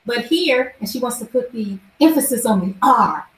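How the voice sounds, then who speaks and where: An American woman hosting a live wellness event, animated and leading the audience through a repeated phrase. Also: on the high side, normal speed. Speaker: event host. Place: large echoey event room. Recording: echoey room, voice from afar.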